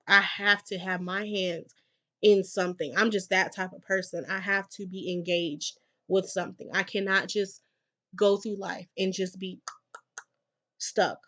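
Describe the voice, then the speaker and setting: A young adult woman, a classroom teacher, giving casual advice in a vlog, stressing points by repeating them and swinging between soft asides and loud urging. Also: mid-range voice, flat delivery, unhurried.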